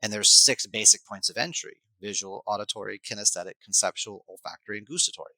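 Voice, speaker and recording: Bright, crisp low-voiced male coach. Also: quick pace, dry recording, rough recording. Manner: animated, explanatory coaching talk. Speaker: life coach and hypnotherapist, guest. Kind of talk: podcast conversation.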